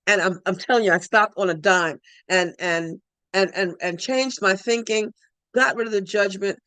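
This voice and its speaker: A woman's voice: medium pitch, moderate pace, a bit bright, dry recording. A woman leading a spiritual study group online, speaking in heartfelt reflection and often repeating her words and phrases. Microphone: online call.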